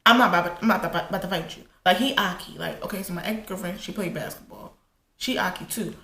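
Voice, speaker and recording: A woman vlogger casually telling a personal story while getting ready, animated and profane, acting out quotes. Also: fast talker, vocal fry. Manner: animated, profane, retells quotes with rising pitch. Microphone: camera in front. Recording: echoey room with faint ambience.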